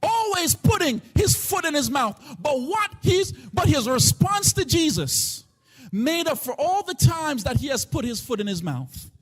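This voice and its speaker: A man preaching a live church sermon as pastor. He delivers it with passion in a sing-song chanting cadence, swinging between shouting and hushed tones. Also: very high-pitched, sing-song, unhurried. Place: church sanctuary.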